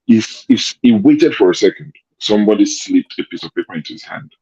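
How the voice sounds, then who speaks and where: A man with a lowish, dark and husky voice makes his case in casual political commentary, firing off rhetorical questions. The audio comes over a remote call and sounds dull and lo-fi. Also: expressive, fast. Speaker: show host.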